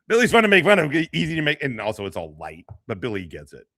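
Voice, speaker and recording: Crude mocking male streamer, lively pitch. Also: no echo. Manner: mocking, crude, laughs often. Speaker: streamer host. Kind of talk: profane casual livestream rant.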